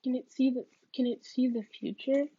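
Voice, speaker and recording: A woman's voice: sits high, fairly even intonation, moderate pace, mellow, lo-fi sound, slight background noise, natural voice. A woman voicing an uneasy young schoolboy who talks hesitantly, stumbling over his words.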